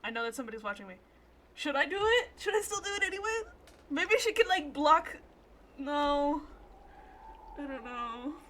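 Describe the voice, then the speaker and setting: A woman's voice: high voice, big pitch swings, normal speed, long pauses, fairly bright tone, a little hiss or hum. A young woman streaming a game, reacting nervously, swearing and laughing. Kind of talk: live gameplay commentary.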